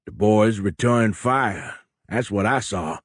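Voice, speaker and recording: A hard-bitten wartime submarine captain who growls his orders and his contempt, as a male narrator puts him on. His voice sits low and gruff, read close and dry for an audiobook. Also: slow, no echo. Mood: scornful. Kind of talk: audiobook character voice.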